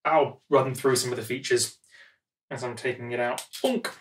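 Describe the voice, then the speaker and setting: A man's voice: medium pitch, moderate pace, distant mic, noisy background. A man vlogging in his home music studio, rambling and joking to himself as he unpacks gear. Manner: rambling, self-mocking, talks to himself while handling gear. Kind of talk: casual studio vlog, talking to camera. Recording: echoey room, voice often off-mic.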